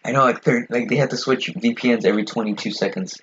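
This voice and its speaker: A young man co-hosting a casual podcast chat, talking fast and rambling with lots of fillers and swearing. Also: mid-range voice, a crowd in the background. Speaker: podcast co-host. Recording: dull lo-fi sound with faint noise.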